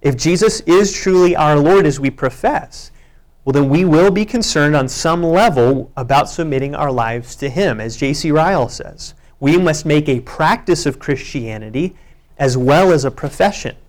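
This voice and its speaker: A man's voice: a little high, moderate pace. A man preaching a sermon, reading scripture aloud with earnest emphasis. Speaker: pastor.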